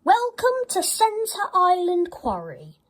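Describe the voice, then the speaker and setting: A woman voicing a bossy but caring female quarry diesel engine, speaking high and brisk. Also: wildly swooping pitch, heavily acted. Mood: warning.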